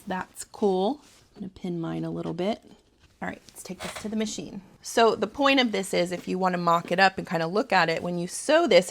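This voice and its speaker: With a creaky, medium-pitched voice, this Southern US woman in her thirties hosts a casual sew-along from her sewing room at home. She runs a sewing channel and rambles chattily, with frequent laughs throughout.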